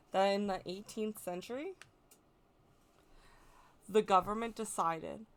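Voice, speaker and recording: A woman's voice: fairly low pitch, fairly bright tone. An American woman explaining folklore in a casual, chatty way, correcting herself as she goes and adding playful asides. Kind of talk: casual educational talk.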